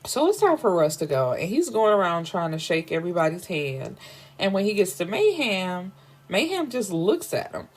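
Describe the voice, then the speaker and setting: Brief: woman book podcaster, lowish voice, lively slangy recap, curses freely. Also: moderate pace. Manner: animated, slangy, swears freely, laughs at the story.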